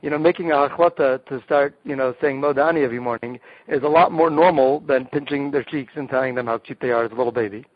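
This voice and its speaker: Enthusiastic rabbi in dull dry audio. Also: male voice, mid-range voice, fast, dry recording. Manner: enthusiastic explainer, frequent restarts. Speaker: rabbi, guest. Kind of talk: explaining group games.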